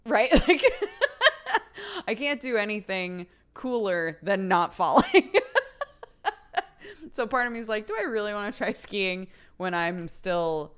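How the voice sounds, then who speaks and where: A woman's voice: lowish voice, clear, resonant tone. Laughing, chatty woman streamer. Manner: chatty, laughs often, reads chat aloud. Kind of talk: casual late-night chat with viewers.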